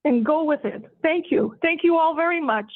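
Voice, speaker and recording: A woman's voice: high-pitched, moderate pace. A woman resident giving emotional, insistent public comment at a city meeting, repeating herself as she goes. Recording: tinny phone line.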